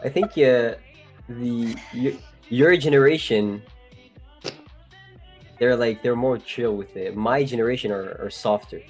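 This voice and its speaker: A man's voice: medium pitch, breathy edge, soft background music. Een man die als co-host in een livestream haperend en aarzelend vragen stelt. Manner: halting, hesitant phrasing with fillers. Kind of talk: casual chat on a live stream.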